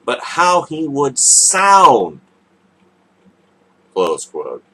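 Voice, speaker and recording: Slow, husky sarcastic male radio host. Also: medium pitch, huge pitch swings, a bit bright. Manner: sarcastic, mocking. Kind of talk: political commentary monologue.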